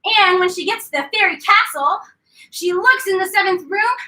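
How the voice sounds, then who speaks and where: A fitness instructor leads a class, weaving a playful story together with exercise cues. Her voice is very high and sharp at a normal pace, picked up from a distance in an echoey room.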